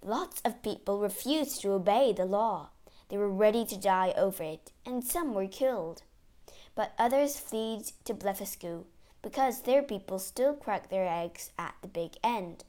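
A woman voicing an anxious male court secretary, pleading urgently in a higher voice. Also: lively intonation, a little slow, a little mellow.

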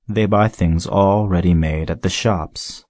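A man voicing a wise, lonely male fox in an audiobook, explaining things gently and in measured phrases. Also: sits low, fairly even intonation, no echo. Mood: musing. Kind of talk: audiobook character reading.

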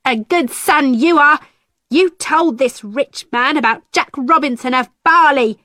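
A woman voicing an angry village mother in an audiobook, loud and scolding. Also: fairly high pitch, very slow, no room sound, clean studio sound, full character voice. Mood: furious.

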